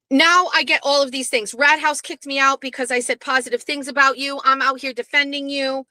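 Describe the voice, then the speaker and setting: A woman's voice: high voice, steady tone, a little fast, few pauses, sharp tone, no room sound, rough recording. Blunt, profane woman venting in a car. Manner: blunt, profane, rambling with restarts. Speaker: host. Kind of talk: candid venting monologue. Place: parked car.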